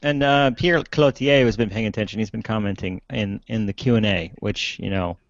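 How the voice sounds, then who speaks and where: A man hosting a casual online panel, joking and reading out viewer comments in a relaxed way. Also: on the low side, moderate pace, no echo, highs cut off. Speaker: host. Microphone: video call.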